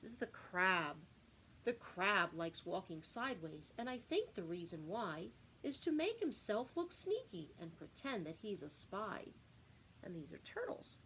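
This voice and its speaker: A woman teacher reads a rhyming picture book aloud to young children. Her voice is animated and singsong, with a very lively, swooping pitch. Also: a little slow, slight background noise, poor audio.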